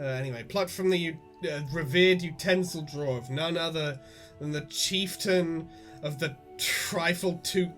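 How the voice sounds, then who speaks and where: An excitable, sweary man hosting a casual podcast and reading aloud. His voice is bright and fairly high, and it keeps tumbling into restarts. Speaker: podcast host and reader.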